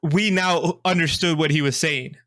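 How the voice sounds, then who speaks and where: Bright, higher-voiced man chatting movies. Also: moderate pace. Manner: laughs often, self-deprecating. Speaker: podcast co-host. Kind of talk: casual movie review chat.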